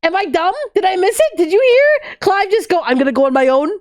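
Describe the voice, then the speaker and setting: Animated, foul-mouthed woman streamer. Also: extremely high pitch, brisk, no room sound, studio quality. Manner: animated, profane, argues with the characters. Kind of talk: casual gameplay commentary.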